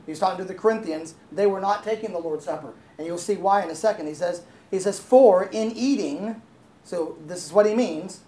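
A woman's voice: on the low side, quick pace, hardly any pauses, dark tone. A woman pastor preaching a sermon in a conversational way, often asking the congregation questions and laughing easily. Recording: roomy echo, faint ambience.

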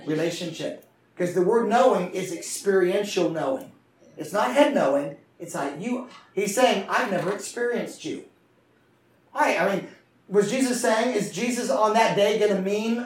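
Impassioned preacher in an echoey church. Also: male voice, sits high, lively intonation, unhurried, slight background noise. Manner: impassioned, call-and-response preaching. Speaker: pastor. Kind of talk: sermon. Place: church sanctuary. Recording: echoey room from far off.

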